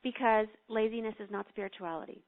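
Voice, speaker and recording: A woman's voice: fairly high pitch, fairly even intonation, quick pace. Woman guiding a meditation over a phone line. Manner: earnest, gently instructive. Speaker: guest. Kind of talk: storytelling and guided meditation.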